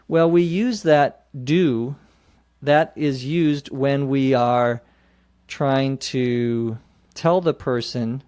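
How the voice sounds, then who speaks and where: A man's voice: mid-range voice, dark tone, clean tone, no echo, clean studio sound. A man hosting an English-learning podcast, explaining phrases patiently and spelling words out letter by letter. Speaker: podcast host teaching English. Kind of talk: slow explanatory teaching.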